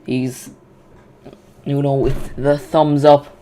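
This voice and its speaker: A man hosting a live football watch-along, chatty and excitable, often restarting his sentences. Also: mid-range voice, slow pace, a little hiss or hum.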